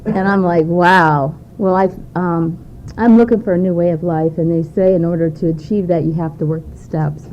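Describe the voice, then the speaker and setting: Woman, lowish voice, sharing earnestly at a recovery meeting, muffled tape. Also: steady tone, fairly quick, few pauses. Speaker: meeting attendee. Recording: dull lo-fi tape with faint noise.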